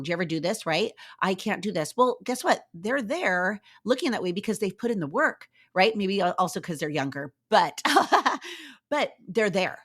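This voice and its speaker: A middle-aged woman hosting a podcast, telling her own story in an energetic, motivational way and acting out what people said. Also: medium pitch, normal speed. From Southern California. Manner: energetic, animated, acts out quoted voices. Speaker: podcast host.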